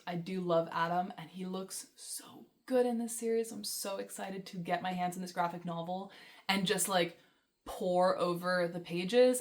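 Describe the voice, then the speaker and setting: A young woman vlogging about books in a casual, rambling, enthusiastic way, with many fillers and laughs. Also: mid-range voice. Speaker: book vlogger. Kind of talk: casual chat.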